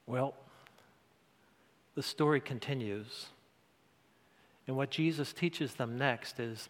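A man's voice: mid-range voice, slow, pauses often. A male pastor preaching a sermon in a church, earnest and conversational, building to emphatic points. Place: church sanctuary. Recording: long church hall reverb.

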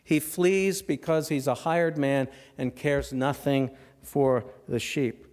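A middle-aged man preaching a sermon, posing rhetorical questions and dropping to a hush for emphasis. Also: mid-range voice, steady tone, slow pace. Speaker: pastor.

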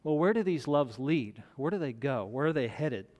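A man preaching a sermon, measured, with dramatic pauses and rising emphasis. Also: mid-range voice, expressive, a little mellow. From United States. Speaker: pastor. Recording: long reverb of a large hall.

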